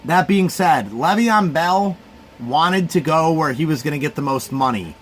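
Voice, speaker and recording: A man's voice: on the high side, expressive, unhurried, slight background noise. A man hosting a live stream, giving casual, rambling sports reaction commentary to his chat. He sounds sleepy and keeps yawning. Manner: laid-back, rambling, talks to his chat.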